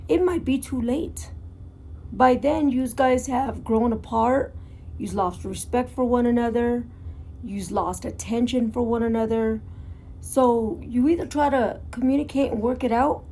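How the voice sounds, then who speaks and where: A woman's voice: a little high, darkish tone. A woman talking in a candid, emotional, rambling vlog monologue about her own life, recorded at home. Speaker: motorcycle vlogger.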